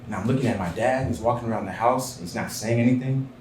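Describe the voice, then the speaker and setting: A man telling a personal story on stage at a live show, earnest and dropping to a hushed voice in tender moments. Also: medium pitch, quick pace, a little hiss or hum. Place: small theater stage. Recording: roomy live theater sound.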